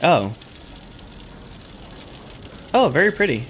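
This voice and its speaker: A let's play host gives casual, self-mocking gameplay commentary, reading on-screen text and swearing occasionally. He speaks slowly in a higher voice with big pitch swings, over a little hiss or hum.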